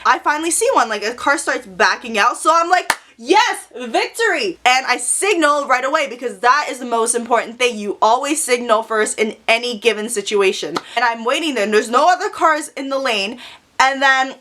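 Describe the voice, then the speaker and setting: A young woman telling a storytime vlog in an animated, profane, dramatic way. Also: a little high, a little fast, slight background noise. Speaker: vlogger.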